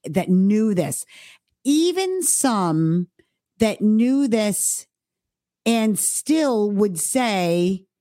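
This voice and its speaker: A woman co-hosting a podcast, talking casually and stressing her main points by slowing down on key words. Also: medium pitch, big pitch swings, warm tone, no echo, studio quality. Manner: emphatic, stresses key words with slowed delivery. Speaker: podcast co-host.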